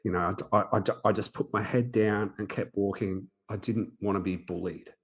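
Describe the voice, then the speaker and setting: A man in his forties, a podcast host, telling a personal story in an earnest, halting way with frequent restarts. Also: lowish voice, fairly even intonation, fairly bright tone. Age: 40s.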